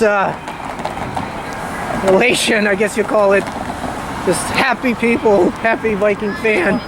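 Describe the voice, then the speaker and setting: An overjoyed man walks a busy city street after a game, vlogging into a handheld phone and breaking into chants. His voice sits high and his delivery is slow and drawn out. Loud outdoor traffic and bustle run under everything he says. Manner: excited, chanting, walking while talking. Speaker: sports fan vlogger. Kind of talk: live post-game vlog. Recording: noisy outdoor street recording.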